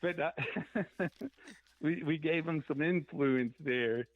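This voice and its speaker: High-voiced man on a phone line. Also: takes it slowly, dry recording. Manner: rambling, acts out quotes from memory. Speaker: musician guest. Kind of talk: casual interview storytelling.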